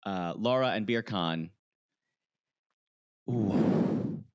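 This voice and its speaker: A man's voice: lowish voice, extremely slow, clear, resonant tone, no room sound. A man co-hosting a podcast, recapping a reality show in casual chat and acting out what people said. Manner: animated, acts out quotes in voices. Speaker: podcast co-host.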